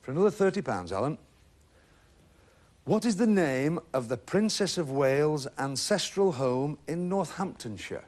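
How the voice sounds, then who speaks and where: A man's voice: a little high, animated, normal speed, a little mellow. A middle-aged man hosting a TV game show in a studio, jovial and teasing, chatting with contestants. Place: TV studio with audience.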